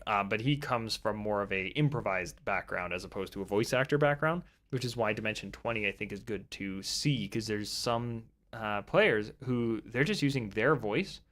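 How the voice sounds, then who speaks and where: A man's voice: lowish voice, a bit bright. Casual man rambling through game advice. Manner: rambling, conversational, many fillers and restarts. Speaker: tabletop game YouTuber.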